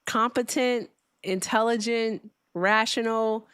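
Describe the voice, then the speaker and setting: A woman's voice: on the high side, fairly even intonation, slow pace, a bit bright, clear, resonant tone, no room sound, studio quality. A woman hosting a live call-in debate stream, blunt, sarcastic and crude. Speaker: host.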